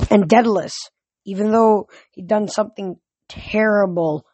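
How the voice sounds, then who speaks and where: A man reading a novel aloud as a fan audiobook, steady with occasional slips and restarts. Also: high-pitched, husky, dry recording. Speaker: audiobook reader.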